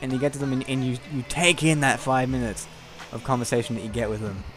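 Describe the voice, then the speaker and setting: A man's voice: mid-range voice, fairly even intonation, quick pace, fairly bright tone, faint music behind. A young man telling a long, rambling personal story over gameplay, candid and casual with frequent swearing. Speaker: gameplay commentator.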